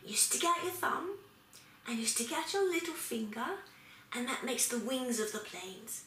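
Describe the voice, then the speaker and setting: Bubbly high-voiced Australian woman teacher. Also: moderate pace. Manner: animated and playful, acting out for children. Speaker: early childhood language teacher. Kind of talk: demonstrating a preschool activity. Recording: echoey room with faint noise.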